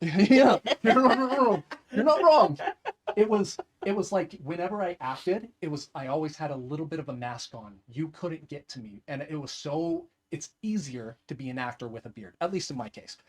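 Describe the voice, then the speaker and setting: Guy being interviewed, kinda high voice, jokes around and acts stuff out. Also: a little fast, hardly any pauses. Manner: animated, jokey, acts out quotes. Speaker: guest actor. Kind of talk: casual interview chat.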